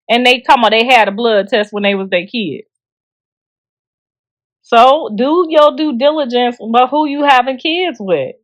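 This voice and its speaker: A woman's voice: sits high, fairly bright tone, no echo. A middle-aged woman hosting a show and giving casual gossip commentary, blunt and joking, laughing often and talking straight to viewers in slang. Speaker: show host discussing celebrity gossip.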